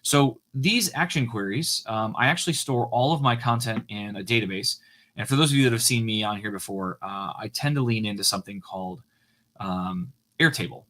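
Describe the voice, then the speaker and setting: Guy doing a live coding stream, lowish voice, lots of ums and restarts. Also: moderate pace, fairly bright tone. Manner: casual, hesitant, many fillers and restarts.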